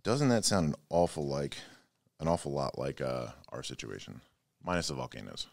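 A man's voice: extremely low pitch, animated, normal speed, creaky, no room sound. A man, a podcast guest, chatting casually and reading news aloud with offhand jokes in a studio.

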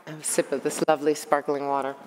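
A woman's voice: low voice, level tone, fast, noisy background. A middle-aged woman from the United States giving a candid, self-mocking conference talk and answering audience questions. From United States (Long Island). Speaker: conference speaker. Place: conference hall. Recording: long hall reverb.

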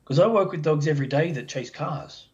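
A man, a dog behaviour expert, explaining as a podcast guest in a chatty, animated way and acting out the voices of dog owners. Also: on the high side, fairly quick. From Australia. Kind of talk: casual podcast interview. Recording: dull lo-fi sound.

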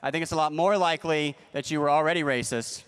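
A man doing a stand-up comedy set, with a deadpan, ironic delivery and playful asides to the crowd. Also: on the high side, fast talker, clear, resonant tone. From United States. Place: large convention hall stage. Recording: long hall reverb.

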